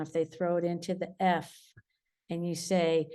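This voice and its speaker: Slow-talking lady teacher, lowish voice, explaining stuff to parents patiently. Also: steady tone, dark tone. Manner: patient, explanatory, repeats key points. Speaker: preschool teacher. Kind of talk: recorded weekly lesson for parents.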